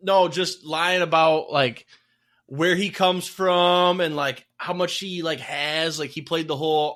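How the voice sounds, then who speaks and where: Young male co-host, bright tone, animated casual storyteller who swears freely. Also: a little high, unhurried. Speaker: podcast co-host. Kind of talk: casual chat.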